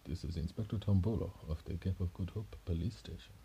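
A polite, businesslike police inspector in a told story, as a man plays him. His voice sits low and dark, and he speaks plainly and earnestly. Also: brisk, creaky, slight background noise. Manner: polite, businesslike, slightly confused. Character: earnest male police inspector, middle-aged.

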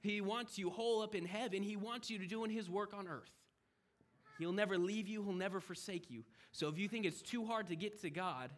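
A young man with a high voice delivers a sermon in a lively, conversational way. He swings from loud, emphatic lines to quiet, hushed asides. He acts out the voices of people in the story as he goes. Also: a little fast. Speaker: preacher.

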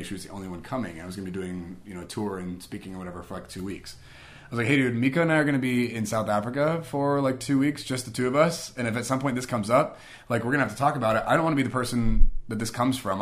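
A young man telling a personal story in a casual way, animated, acting out both sides of old conversations with many fillers. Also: lowish voice.

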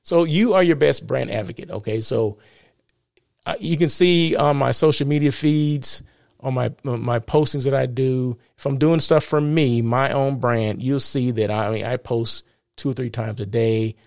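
A man's voice: medium pitch, moderate pace, creaky, darkish tone, dry recording, studio quality. A man from the United States hosting a live show and podcast. He talks casually and chattily, keeps asking "right?" and chuckles at his own jokes. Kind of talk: casual live-stream talk.

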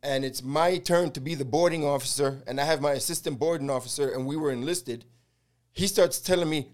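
Middle-aged American man, podcast host, lively storyteller who acts out every quote and swears freely. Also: on the high side, fairly quick. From United States. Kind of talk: casual storytelling chat.

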